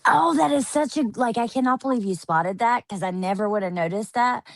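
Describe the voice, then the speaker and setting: A woman's voice: on the high side, expressive, brisk, gravelly, dry recording. A woman hosting a casual chat, reacting to her guest with eager agreement.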